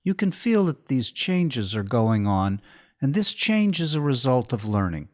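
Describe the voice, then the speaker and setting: Man, movement instructor, guided body-awareness lesson, calm step-by-step cues, lively melodic delivery, dry close sound. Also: medium pitch, dry recording. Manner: slow, calm step-by-step directions.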